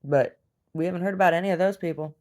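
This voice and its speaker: Blunt, profane woman with a low voice, venting in a home video diary. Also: fast talker, darkish tone. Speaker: video diarist. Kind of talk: casual video diary rant. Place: rural property at home.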